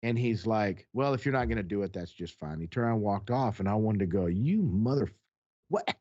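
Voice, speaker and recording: A man's voice: fairly low pitch, fast, darkish tone, highs cut off. A man co-hosting a podcast, telling a long personal story in casual chat, acting out the exchanges, blunt and profane. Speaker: podcast co-host.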